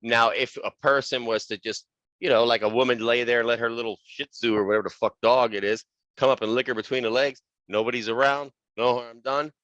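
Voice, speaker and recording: A man's voice: medium pitch, steady tone, fairly quick, a bit bright, no room sound, lo-fi sound. A man co-hosting a comedy podcast, talking bluntly with lots of swearing and "bro" in casual banter. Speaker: podcast co-host.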